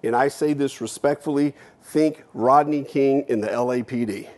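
A man from the United States giving a keynote speech. He tells a personal story bluntly, with casual swearing, and swings between hushed and emphatic delivery while acting out his own past words. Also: medium pitch, moderate pace. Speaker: keynote speaker. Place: stage at a university event.

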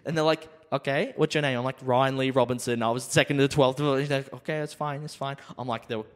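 A man's voice: medium pitch, fast. A man, casually telling a rowdy story on a podcast, acting out the other people in it. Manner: animated, acts out the other people in his stories. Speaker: podcast co-host. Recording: reverberant room.

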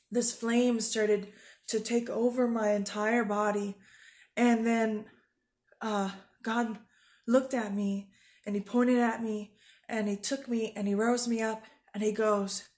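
A woman with a somewhat high voice gives an informal, earnest sermon straight to her viewers. She sounds urgent and rambles a little, circling back with fillers and restarts. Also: little pitch movement, slow pace, a little mellow. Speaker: Christian video preacher.

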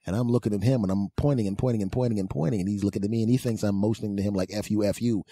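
A man's voice: fairly low pitch, rapid-fire, warm tone, husky, no echo, clean studio sound. A middle-aged man hosting a podcast, telling a comic story in an exasperated, sarcastic rant and repeating phrases for emphasis. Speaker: podcast host.

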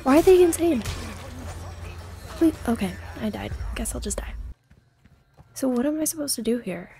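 A young woman narrates her gameplay in a casual let's play, talking to herself in a jittery, self-mocking way. Her voice sits a little high but sounds soft and mellow. Faint game music plays underneath. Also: expressive, normal speed. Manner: jittery self-talk, frequent exclamations; jokey and self-deprecating. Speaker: gamer.

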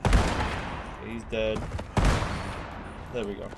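A man casually commenting on his video game playthrough, swearing and excitable. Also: on the low side, slow, heavy background noise. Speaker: gamer. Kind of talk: let's play commentary. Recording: game audio behind the voice.

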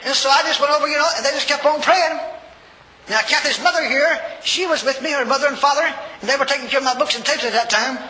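An older man preaching a sermon, telling a story in a folksy, animated way and acting out the voices. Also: very high voice, quick pace. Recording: reverberant hall, faint noise.

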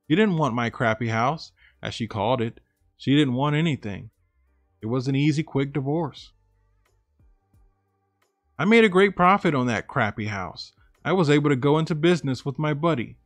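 A man who runs a story channel reads a listener's story aloud, then comments on it casually and emphatically, reacting with disbelief. His voice is on the high side, captured on a dry close mic with no room sound and faint background music.

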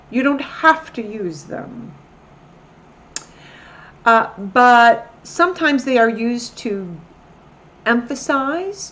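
A woman's voice: on the high side, a bit bright. A woman teaching a recorded grammar lesson as a Spanish teacher, patiently repeating example phrases.

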